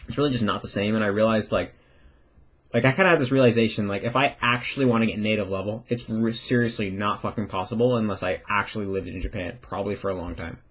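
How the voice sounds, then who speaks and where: A man's voice: medium pitch, breathy edge. A young man telling a casual, rambling story about learning a language, with frequent restarts and the odd swear word. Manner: rambling, swearing, acts out quoted voices.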